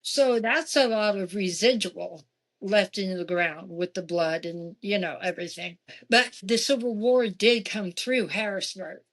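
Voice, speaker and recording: A woman, probably in her forties, casually recounting her experiences in a haunted house, animated and lively when she quotes other people. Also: unhurried. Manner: animated, jumping in pitch for quoted voices. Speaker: guest. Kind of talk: casual storytelling.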